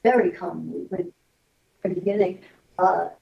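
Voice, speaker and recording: A woman testifying as a witness in court, answering in halting, hesitant phrases. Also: on the low side, gravelly, dull audio. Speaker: expert witness. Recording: distant courtroom audio.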